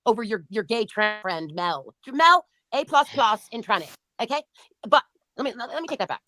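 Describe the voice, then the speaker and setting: A woman's voice: a little high, lively intonation, moderate pace, pushed and bright, dry recording. A woman hosting a livestream who reads out chat comments and answers them in a mocking, profane and taunting way. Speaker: livestream host.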